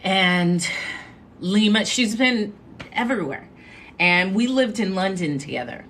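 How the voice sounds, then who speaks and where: Woman, livestream host, casual storytelling, chatty, animated. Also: medium pitch, unhurried, a little hiss or hum. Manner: chatty, animated, asides to viewers. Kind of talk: casual storytelling on a live stream.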